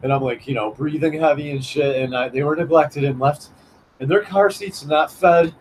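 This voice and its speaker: A male vlogger with a fairly high voice tells a personal story at a moderate pace in a casual monologue. He rambles, restarts often, and acts out what other people said, over a rough recording with slight background noise.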